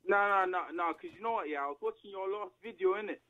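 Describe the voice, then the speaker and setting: Young lad prank-calling, cocky slang, tinny phone audio, somewhat high voice. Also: male voice, fast. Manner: taunting, swaggering street slang. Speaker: prank caller.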